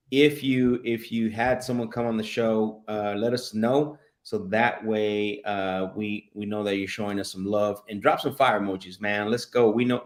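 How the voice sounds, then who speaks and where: A man with a fairly low voice hosts a live stream, keeping the mood casual and energetic. He gives shout-outs throughout, his speech thick with filler words.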